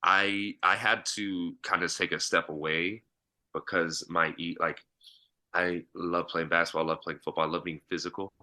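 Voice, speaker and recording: Deep, bright-voiced man chatting animatedly. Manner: animated, laughs often, quick asides. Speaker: podcast guest. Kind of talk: casual chat.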